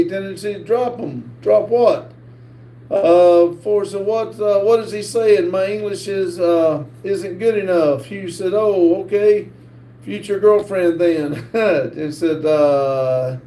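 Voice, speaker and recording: A middle-aged man with a North Carolina accent hosts a live stream and reads viewer comments aloud, halting often with "uh". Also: sits high, mellow. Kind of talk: casual live-stream chat. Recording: echoey room with faint background hiss.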